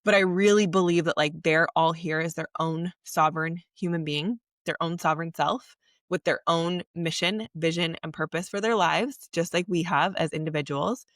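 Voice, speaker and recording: A woman's voice: lowish voice, moderate pace, fairly bright tone, no echo, distant mic. Woman host, chatty earnest monologue, dry sound, a little off-mic. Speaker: podcast host. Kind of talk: casual monologue on parenting.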